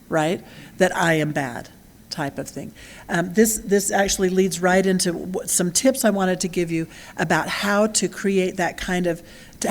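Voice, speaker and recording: A woman's voice: medium pitch, darkish tone. Middle-aged woman, conversational parenting speaker, earnest storyteller, mid-range voice. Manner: earnest, storytelling, with frequent "right?" and "um". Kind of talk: conversational talk.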